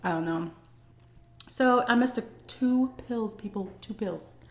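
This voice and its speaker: A woman's voice: on the high side, a little slow. A woman vlogger telling a personal story in a casual, chatty way, with many "like" and "um" fillers. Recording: echoey room.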